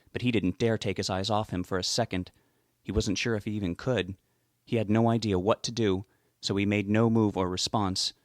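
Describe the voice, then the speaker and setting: A man narrates a novel in a steady, measured way. His voice sits fairly low and is recorded dry and close, with no room sound. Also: dry recording. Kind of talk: audiobook narration.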